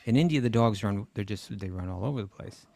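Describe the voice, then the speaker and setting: Low gravelly man, teasing. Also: fast talker, dark tone, no room sound. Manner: teasing, laughs easily. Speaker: co-host. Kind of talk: casual chat.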